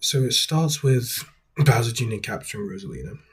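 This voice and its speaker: A man hosts a video essay in a casual, critical way. His voice is breathy and strongly husky at a mid pitch. He talks in a wry, rambling manner. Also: lively intonation, moderate pace.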